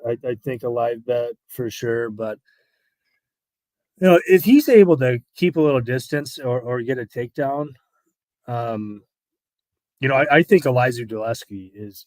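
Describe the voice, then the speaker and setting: A man's voice: medium pitch, a little mellow, no room sound. Hesitant male betting analyst, dry sound. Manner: hesitant, repeats words, many fillers. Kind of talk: casual live-stream chat.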